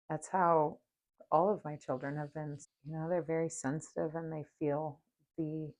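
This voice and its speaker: A woman hosting a spiritual podcast, talking softly and dreamily and at times guiding a meditation, sometimes dropping to near-whispers. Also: sits low, gravelly. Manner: soft, slow and dreamy, drifting into near-whispers. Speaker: podcast host.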